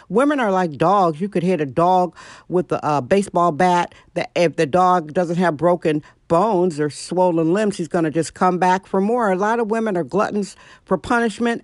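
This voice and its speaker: A middle-aged woman hosts her own podcast from home, delivering a blunt, sarcastic, opinionated rant as a solo monologue. Her voice is fairly low in pitch. The sound is clean studio quality with no echo.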